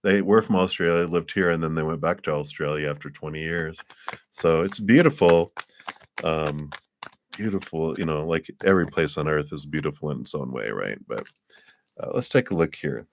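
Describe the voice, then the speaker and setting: A man's voice: a bass voice, normal speed, slight background noise. A man giving a live tarot reading, speaking in an encouraging, rambling way, often chuckling and restarting his sentences. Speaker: tarot reader.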